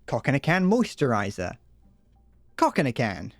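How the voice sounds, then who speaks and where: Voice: medium pitch, wildly swooping pitch, normal speed, no echo, faint music behind. A livestreamer improvising a silly mock advert while gaming, giggling and stumbling over words.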